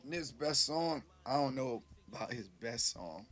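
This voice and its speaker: A man's voice: mid-range voice, lively intonation, unhurried, a bit bright, soft background music. A man casually chatting with his live-stream viewers, rambling loosely and swearing freely, a little tipsy.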